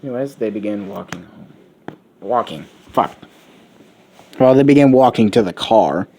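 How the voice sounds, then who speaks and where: A man's voice: fairly low pitch, expressive, normal speed, dark tone, husky. A man improvising a comedic story, rambling and swearing casually.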